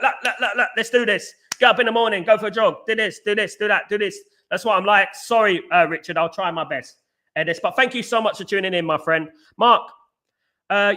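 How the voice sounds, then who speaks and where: Fast-talking excitable man. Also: high-pitched. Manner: talks fast and excitedly, many restarts, says mate. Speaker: show host reading viewer comments. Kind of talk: fast casual live chat.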